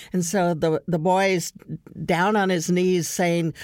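Lowish-voiced woman host telling a story. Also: flat delivery, takes it slowly, a little mellow, no echo. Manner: earnest, laughs while retelling family story. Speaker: podcast host. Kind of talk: conversational storytelling.

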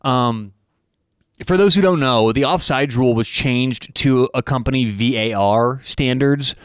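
A man's voice: mid-range voice, measured pace, clear, resonant tone, dry recording, studio quality. A man hosting a sports betting talk show, rambling with restarts and asides. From United States. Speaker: sports betting podcast host. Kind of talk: casual talk with a read ad.

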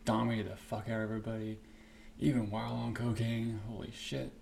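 A man hosting a podcast, talking alone in a profane, rambling and animated way. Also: on the low side, fairly quick, vocal fry. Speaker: podcast host. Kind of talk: casual solo podcast rant. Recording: echoey room with faint background noise.

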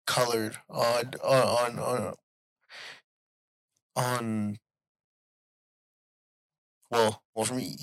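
A man co-hosting a casual podcast chat, telling a story in a halting way with repeated words. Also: medium pitch, fairly bright tone, dry recording. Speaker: podcast co-host.

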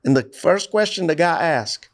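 Coach guy, kinda high voice, preachy and lively when he tells a story. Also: moderate pace, a crowd in the background. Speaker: coach and church guest. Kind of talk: casual faith talk.

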